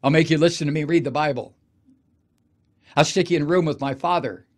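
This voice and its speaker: A man mocking a smug, threatening woman press secretary, rattling off rapid snarling threats. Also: fairly high pitch, close to an everyday voice. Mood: menacing.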